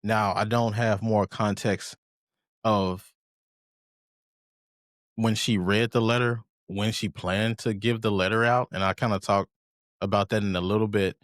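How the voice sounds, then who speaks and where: Low-voiced man hosting a podcast. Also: dry recording, studio quality. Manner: loose, rambling with repeated restarts. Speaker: podcast host. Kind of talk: casual commentary.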